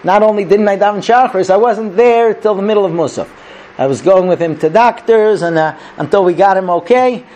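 High-pitched and brisk with a darkish tone, this rabbi teaches in a conversational, chatty way. He tells stories, acting out the characters, and keeps asking listeners "okay?" and "right?"

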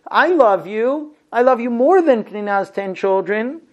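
A man's voice: very high voice, expressive, a little slow, dull audio, voice pushed up. A man as a coaxing, soothing husband. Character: gentle, coaxing husband consoling his wife.

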